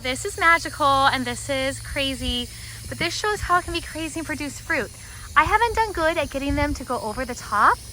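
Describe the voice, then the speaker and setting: Excitable higher-voiced woman rambling through a garden tour, faint outdoor hum behind. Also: fairly quick. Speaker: homesteading garden vlogger. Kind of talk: casual walking garden tour.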